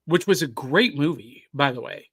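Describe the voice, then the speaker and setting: A man's voice: a little high, animated, normal speed, vocal fry, fairly bright tone, slightly rough, no echo. A man hosting a podcast on a live stream, chatting casually and reading viewer comments aloud. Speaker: podcast host.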